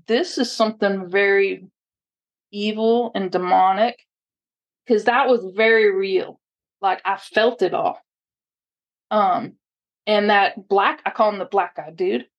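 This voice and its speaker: A woman guest telling a personal story in a casual, halting way, full of "like" and restarts, earnest and intense. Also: mid-range voice, highs cut off. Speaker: podcast guest. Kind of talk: personal testimony, casual retelling.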